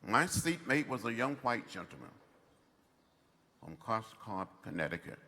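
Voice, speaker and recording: A man's voice: mid-range voice, very animated, measured pace, bright, forceful tone. A man in his seventies giving a commencement address in impassioned, preacher-like oratory, speaking in short repeated phrases. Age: 70s. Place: large outdoor ceremony over loudspeakers. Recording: long reverb from a public address system.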